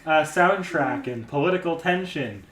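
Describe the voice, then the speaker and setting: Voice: mid-range voice, normal speed, over a noisy crowd. A podcast host joking sarcastically in a casual anime chat. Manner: sarcastic, deadpan jokes. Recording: echoey room.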